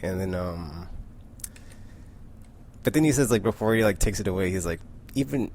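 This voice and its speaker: A man's voice: low-pitched, moderate pace, darkish tone, a little hiss or hum. A man casually recapping a comic book, rambling with lots of "like" and frequent self-corrections.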